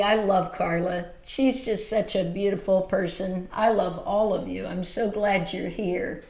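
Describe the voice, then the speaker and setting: A woman's voice: medium pitch, steady tone, unhurried, hardly any pauses, echoey room. A woman in her fifties hosting a casual beauty livestream from a small home filming room, gushing and chatty as she reads viewer comments. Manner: warm, gushing and chatty, with frequent exclamations.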